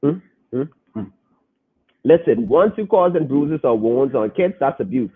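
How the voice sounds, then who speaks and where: A man's voice: medium pitch, lively intonation, measured pace, breathy edge. A young adult man hosting a casual podcast stream, talking earnestly and repeating phrases for emphasis. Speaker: podcast host reading viewer comments. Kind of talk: casual live-stream talk. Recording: phone-like lo-fi audio.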